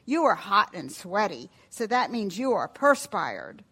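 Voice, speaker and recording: A woman's voice: mid-range voice, very animated, measured pace, sharp tone, slightly rough, exaggerated voice. A woman voicing an eager little girl in a children's story who is proud of herself and mixes up words. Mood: explaining.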